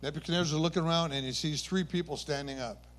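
Earnest preaching man, slightly high voice. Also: fairly even intonation, fast, fairly bright tone. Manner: earnest storytelling, rising emphasis, occasional self-corrections. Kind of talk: sermon.

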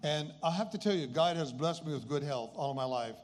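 A man's voice: on the high side, brisk. A man in his eighties telling a personal story as a faith testimony in an earnest, conversational way. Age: 80s. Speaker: speaker sharing a personal testimony.

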